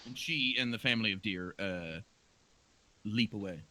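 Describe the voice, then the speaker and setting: A game master narrating a tabletop game in an unhurried, playful, descriptive way. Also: medium pitch, pushed and bright.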